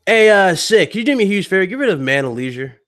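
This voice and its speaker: A male streamer holds forth to his live chat, heated and blunt, mocking the people he argues with. His voice sits a little high for a man and swings widely up and down as he rants. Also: sing-song, quick pace, fairly bright tone. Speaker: gaming podcast host.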